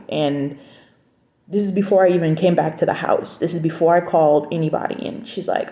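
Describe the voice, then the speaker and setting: A woman's voice: sits low, steady tone, fast talker, dark tone. A young adult woman telling a personal story in a candid, conversational vlog, acting out the lines of people in it. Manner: candid, conversational, recounting dialogue. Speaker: vlogger. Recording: echoey room, dull lo-fi sound.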